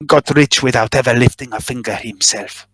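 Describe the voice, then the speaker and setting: A man's voice: medium pitch, steady tone, fairly bright tone, breathy edge, no echo. A man voicing a jittery male body smuggler. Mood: confessing. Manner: halting, eager to justify himself. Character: nervous middle-aged male body smuggler confessing.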